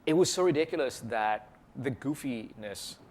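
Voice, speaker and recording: A man being interviewed as a guest, a comedian and mentalist telling lively anecdotes in casual chat and laughing easily. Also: medium pitch, moderate pace. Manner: animated storyteller, laughs easily.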